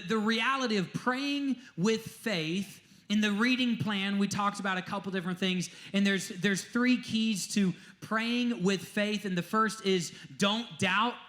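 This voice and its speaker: A man preaching a sermon as a pastor, telling stories emphatically and dropping to a hush at times. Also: sits high. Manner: animated, emphatic storytelling with sudden drops to a hush.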